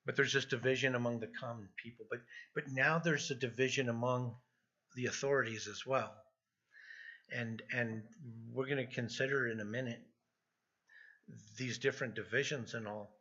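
Middle-aged male pastor, bright husky tone, earnest sermon delivery, dull lo-fi recording. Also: mid-range voice. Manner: earnest, repeats words when emphasizing. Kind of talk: expository sermon. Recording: dull lo-fi sound.

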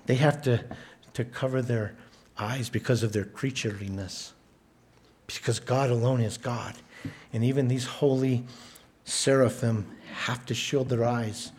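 A man's voice: mid-range voice, a little mellow. Emphatic male preacher mid-sermon. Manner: emphatic, repeats words for stress, measured delivery. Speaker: pastor.

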